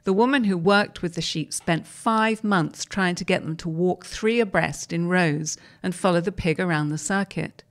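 Reading a first-person interview piece on air, the program's female host takes a steady, narrative approach. Her voice is on the lower side.

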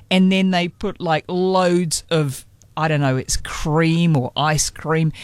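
A man's voice: a little high, dry recording. Australian man spinning a casual yarn. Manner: yarn-spinning, dry humour. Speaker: radio host. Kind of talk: casual chat.

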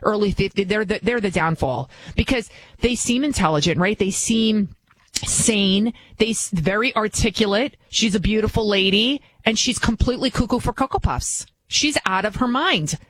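A middle-aged woman from the New York area, sitting in as a talk radio host, gives a blunt, emphatic and mocking opinion monologue. Her voice sits in the mid range, fairly bright, at a moderate pace.

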